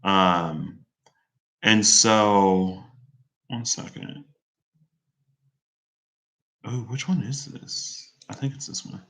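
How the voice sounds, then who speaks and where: A man rambles casually to his viewers, wandering from thought to thought with plenty of fillers. His voice is fairly low but bright and forward. He slips into higher tones when acting out what others said. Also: animated, drawn-out words, long pauses. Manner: chatty, meandering, quotes others in raised voice. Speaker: vlogger.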